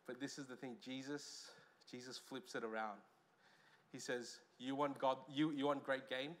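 A pastor with an Australian accent preaches a sermon in a lively manner, alternating loud emphases with quiet asides. His voice is medium-pitched and his pace normal.

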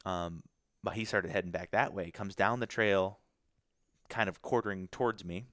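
A man's voice: low-pitched, steady tone, normal speed, fairly bright tone, dry recording, studio quality. A young man from Michigan, a podcast guest, telling a hunting story in a casual, rambling way with many fillers and restarts.

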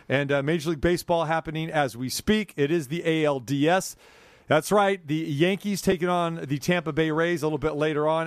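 A man's voice: a little high, dry recording. A man hosting a sports radio show, chatting casually in the studio with jokey, rambling asides.

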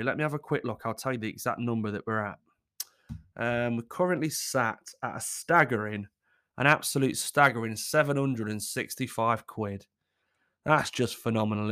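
Lively, sweary British man chatting. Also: medium pitch. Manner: sweary, jokey and sarcastic; animated, swings between loud outbursts and muttered asides. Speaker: channel host. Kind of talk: casual chat to viewers.

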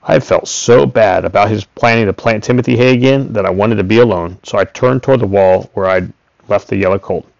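A man reading a first-person story aloud in a steady, plain way. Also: on the low side, brisk, gravelly, no echo. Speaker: audiobook reader. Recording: dull, dry recording.

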